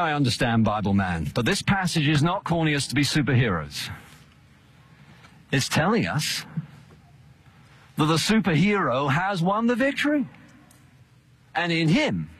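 A man's voice: mid-range voice, husky. A male pastor delivering a sermon in an earnest, emphatic cadence.

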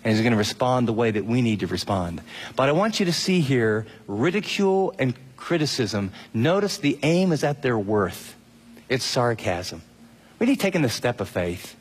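A middle-aged man preaches a lively radio sermon and acts out quoted voices as he goes. His voice is husky and a little breathy. A long hall reverb trails his words. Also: mid-range voice, moderate pace. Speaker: pastor.

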